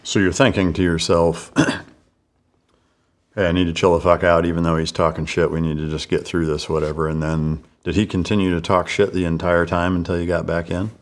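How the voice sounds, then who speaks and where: A man's voice: low voice, little pitch movement, normal speed. A man hosting a podcast asks blunt, profane follow-up questions. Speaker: podcast host. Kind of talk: interview questions.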